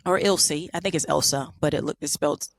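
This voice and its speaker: A woman's voice: deep voice, fairly quick, dry recording, clean studio sound. A woman co-hosting a podcast, telling a story in casual chat with sarcastic asides and lots of fillers. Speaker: podcast co-host.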